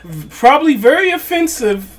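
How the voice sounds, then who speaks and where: A man's voice: extremely high pitch, big pitch swings, moderate pace, a little hiss or hum. A young man co-hosting a podcast, telling stories in a laid-back, profane way. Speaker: podcast co-host. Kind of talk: casual storytelling chat.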